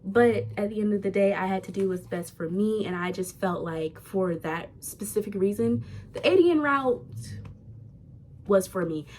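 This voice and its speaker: A woman's voice: mid-range voice, normal speed, darkish tone, a little hiss or hum. A young woman, a nursing student, talking candidly and chattily to her viewers in a casual vlog. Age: young adult.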